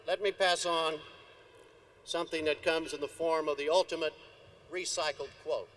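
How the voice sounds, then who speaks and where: A man in his sixties giving a measured, earnest commencement address at a podium microphone. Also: fairly high pitch, a bit bright. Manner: measured, earnest, deliberate delivery. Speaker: commencement speaker. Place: outdoor stadium ceremony. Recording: archival video, faint background noise.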